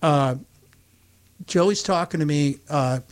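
An older man with an upstate New York accent spins a long, chatty anecdote. His voice sits a little high, and he jumps into the voices of the people in his story as he goes. It sounds like a relaxed radio host among friends. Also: takes it slowly. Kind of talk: casual storytelling chat.

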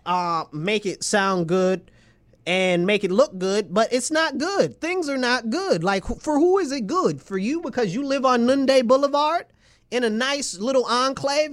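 A man from New York State delivering an agitated political rant, emphatic and repetitive with many rhetorical questions. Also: sits high. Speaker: local political commentator.

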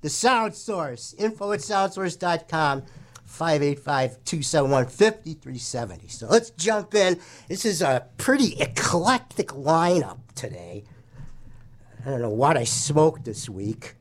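A man's voice: fairly high pitch, expressive, unhurried. A man hosting a local radio show, rambling and joking irreverently through sponsor reads. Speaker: radio host. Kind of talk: casual radio banter.

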